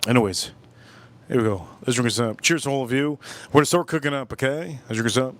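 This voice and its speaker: A man's voice: medium pitch, fast. A man hosting a live cooking stream, chatting casually, rambling and repeating himself as he talks to his viewers.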